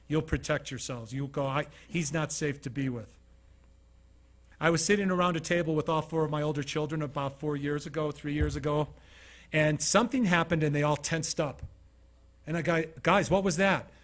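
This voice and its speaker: A man's voice: fairly high pitch, fairly even intonation, moderate pace, fairly bright tone. Middle aged guy from utah doing a motivational talk, acts out the back and forth in his stories. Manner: storytelling, acting out quoted dialogue. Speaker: keynote speaker. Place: studio.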